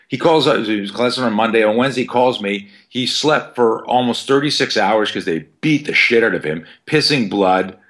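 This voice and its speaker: A man's voice: medium pitch, animated, brisk, fairly bright tone. A man in his fifties, a self-defense coach guesting on a podcast, telling stories in a rambling, profane way full of fillers. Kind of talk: casual storytelling interview.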